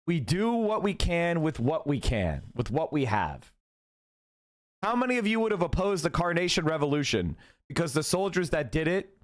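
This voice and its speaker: Profane, exasperated man ranting on stream. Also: on the high side. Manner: profane, exasperated, rhetorical questions. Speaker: political streamer. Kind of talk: heated political rant.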